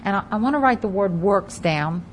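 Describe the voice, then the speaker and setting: A woman's voice: mid-range voice, animated, a little fast, slight background noise, poor audio. Woman preacher, Bible teaching sermon, emphatic, repeats key words, reads scripture aloud, faint background ambience. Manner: reads scripture aloud in King James wording.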